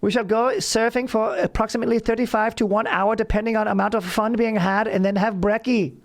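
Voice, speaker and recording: Man doing a German-Australian surfer dude, high put-on voice, laid-back, stiffly formal phrasing. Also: steady tone, brisk. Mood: mock-formal. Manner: chill yet oddly formal, overly proper phrasing.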